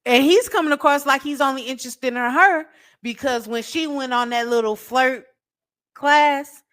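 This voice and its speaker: A woman's voice: high voice, normal speed, fairly bright tone. A woman co-hosting a casual reality TV recap, laid-back and candid with her opinions. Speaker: co-host.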